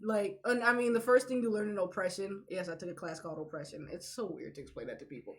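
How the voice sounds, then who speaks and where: A young woman co-hosting a casual podcast chat, animated and full of "like" fillers, laughing often. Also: medium pitch, quick pace. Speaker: podcast co-host.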